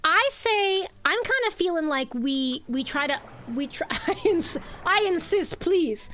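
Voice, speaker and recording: A woman's voice: extremely high pitch, lively intonation, a little slow, a bit bright. A woman livestreaming a video game, chatting playfully and rambling with her viewers. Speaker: streamer. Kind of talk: live game-stream chat. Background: faint game music.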